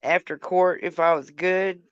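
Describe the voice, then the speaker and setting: A woman's voice: fairly low pitch, steady tone, a little slow, smooth, no echo. An older woman telling a story on a casual livestream, profane and chatty, talking straight to her viewers. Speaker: livestream host. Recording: dull lo-fi sound.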